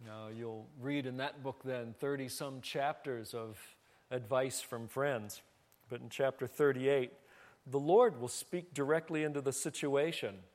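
A man's voice: medium pitch, steady tone, measured pace. A middle-aged man preaching a sermon as pastor, earnest and conversational.

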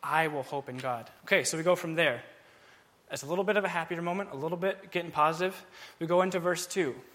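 A man giving a Bible teaching, explaining a psalm in a casual, animated way and acting out its feelings. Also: a little high, fast.

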